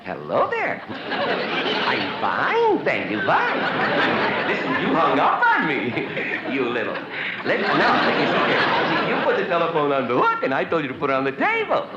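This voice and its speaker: A man's voice: a little high, huge pitch swings, measured pace, a loud crowd, very noisy. A man comedian acting out a one-sided phone call, stammering and growing more and more exasperated, then introducing the next guest as host. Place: live television stage before a studio audience. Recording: roomy 1960s TV broadcast, dull sound, loud audience laughter.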